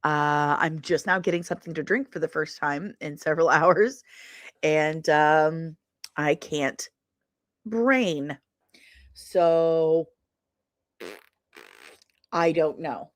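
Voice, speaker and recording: A woman's voice: deep voice, takes it slowly, long pauses, dry recording, clean studio sound. A woman hosting a livestream in a rambling, chatty way, tired after a long day of travel and laughing often. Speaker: livestream host. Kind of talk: casual chatty stream talk.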